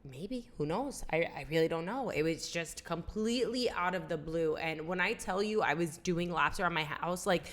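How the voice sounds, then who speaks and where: A woman's voice: lowish voice, normal speed, few pauses, a bit bright. A young woman co-hosting a casual podcast chat, telling an emotional personal story and acting out the dialogue. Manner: emotional storytelling, acts out quoted dialogue, many "like"s. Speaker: podcast co-host.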